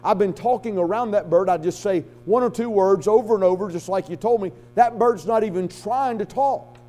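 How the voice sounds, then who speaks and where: A preacher doing a fed-up pet store customer. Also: male voice, high-pitched, moderate pace, mellow, close to an everyday voice. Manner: exasperated complaining. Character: frustrated adult male pet store customer.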